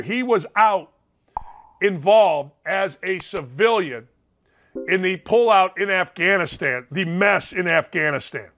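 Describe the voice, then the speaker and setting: Middle-aged male talk host from Indiana, high bright voice, blunt opinionated monologue. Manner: blunt, fired up, repeats phrases for emphasis. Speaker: sports radio host.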